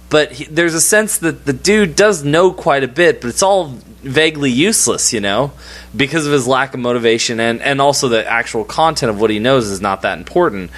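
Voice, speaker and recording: A man's voice: mid-range voice, fairly bright tone. Thoughtful man discussing a film. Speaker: podcast co-host. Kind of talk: casual podcast chat.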